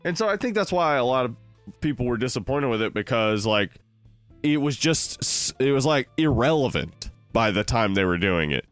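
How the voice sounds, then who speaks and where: A man's voice: medium pitch, big pitch swings, moderate pace, a bit bright, no echo, soft background music. A man in his thirties co-hosting a podcast, rambling casually about films with lots of "like". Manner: rambling, many "like"s and restarts. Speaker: podcast co-host. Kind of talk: casual film-review chat.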